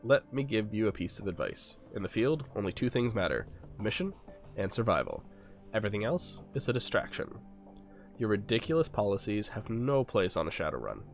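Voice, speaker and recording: A tough, proud woman soldier who is curt and dismissive, as a man reads her lines aloud. Her low, flat delivery sits over faint music. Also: a little fast.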